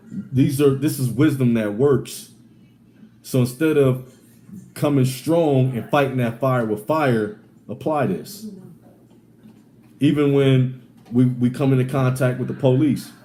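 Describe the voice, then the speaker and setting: Mellow-voiced man teaching scripture emphatically. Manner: emphatic, repetitive, says "man" often; swings between loud sarcastic bursts and low asides. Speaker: Bible study teacher. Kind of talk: street-style Bible teaching.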